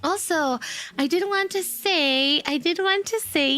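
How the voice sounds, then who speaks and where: A woman streamer chatting casually with her viewers, giddy and hyper, laughing often between unhurried sentences into a desk mic. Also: very high voice, fairly bright tone, soft background music. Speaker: VTuber streamer. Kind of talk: casual livestream chat. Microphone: desk microphone.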